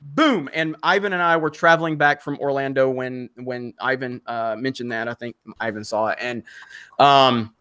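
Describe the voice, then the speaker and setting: A man from Alabama hosting a casual live stream, rambling with many fillers and restarts and quick to laugh. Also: mid-range voice, steady tone, pushed and bright, clear, resonant tone.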